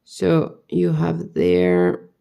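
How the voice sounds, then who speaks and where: A woman's voice: extremely low pitch, sing-song, drawn-out words, creaky, mellow, clear, resonant tone. A tired woman vlogger talking to herself as she builds a model kit, muttering the same questions over and over. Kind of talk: casual talk while building.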